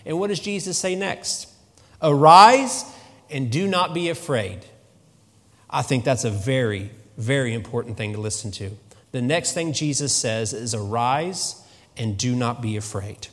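A man preaching a sermon in a church, in a conversational, animated way, often repeating his phrases. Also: medium pitch, normal speed. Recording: long reverb of a hall.

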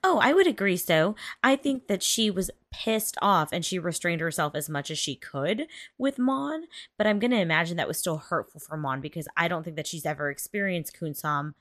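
A woman co-hosting a podcast in casual recap chat, expressive and quick with laughing asides. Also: lowish voice, dry recording, studio quality. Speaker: podcast co-host.

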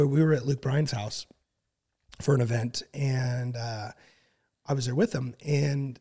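A man in his thirties telling a long story in casual chat, with many fillers and frequent throat clearing. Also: medium pitch. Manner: relaxed, filler-heavy, clears throat often. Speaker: podcast guest.

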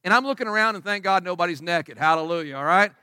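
A man's voice: high voice, fast, pushed and bright, clear, resonant tone, no echo, clean studio sound. A man preaching a sermon as pastor to his congregation, emphatic and conversational, asking many rhetorical questions. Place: church service before a congregation.

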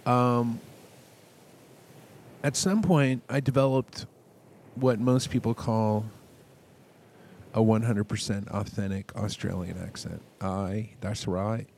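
A man hosting his own music podcast in a casual, rambling monologue, full of self-mocking jokes and sudden loud bursts of enthusiasm. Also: mid-range voice, slow pace, gravelly, pauses often, a little hiss or hum.

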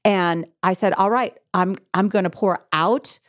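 A woman's voice: medium pitch, unhurried, dry recording, studio quality. A middle-aged woman, a guest author, earnestly telling her faith story in an interview, often breaking into laughter. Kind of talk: faith-based interview conversation.

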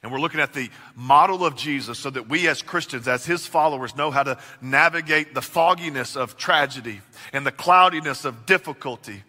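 A man's voice: mid-range voice, a little fast, sharp tone. Male pastor, sermon delivery, earnest with big volume swings; long reverb of a large hall. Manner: earnest preaching with swells and drops in volume.

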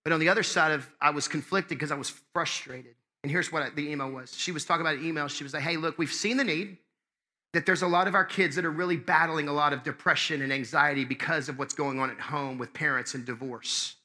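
Pastor guy preaching, high bright voice, gets loud then goes real quiet. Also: fairly even intonation, fast, hardly any pauses. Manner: impassioned, conversational, swings between loud and hushed. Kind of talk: sermon.

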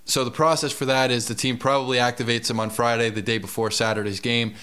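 A man's voice: medium pitch, steady tone, quick pace, bright, forceful tone, clean tone. Emphatic man talking fantasy football. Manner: emphatic, confident picks. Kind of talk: casual sports podcast chat.

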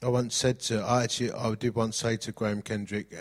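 A man's voice: on the low side, flat delivery, brisk. A middle-aged man preaching a sermon, mixing jokey anecdotes with scripture reading.

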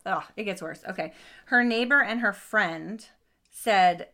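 Bright-voiced woman telling a crime story. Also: medium pitch, unhurried. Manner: expressive, swears, frequent asides and restarts. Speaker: podcast host telling a true crime case. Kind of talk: casual true crime storytelling.

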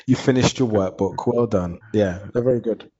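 A man's voice: on the low side, moderate pace, dark tone, breathy edge. A man, speaking openly and reflectively as a guest in an interview. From Hackney, London. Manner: earnest, open and reflective. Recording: dull lo-fi recording.

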